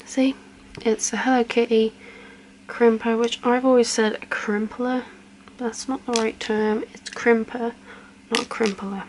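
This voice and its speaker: Slow whispering young woman, ASMR role-play. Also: a little high, a little hiss or hum, poor audio. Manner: soft whisper with chatty asides, counting slowly. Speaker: ASMR creator.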